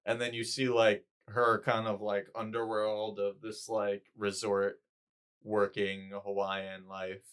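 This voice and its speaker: A man's voice: fairly low pitch, level tone, takes it slowly, a bit bright, clean tone. A man co-hosting a podcast, chatting casually and laughing a lot as he acts out movie lines. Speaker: podcast co-host. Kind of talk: casual chat.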